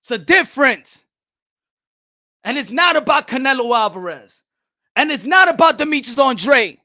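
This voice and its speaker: A man hosting a boxing commentary channel in a loud, profane, shouting rant that switches between English and Spanish. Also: extremely high pitch, animated, moderate pace, dry recording, studio quality. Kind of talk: ranting video commentary.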